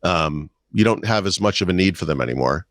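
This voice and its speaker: Low-voiced man telling wry stories. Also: lively intonation, brisk, no room sound, clean studio sound. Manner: storytelling, wry, puts on voices in anecdotes. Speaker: podcast co-host. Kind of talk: casual chat.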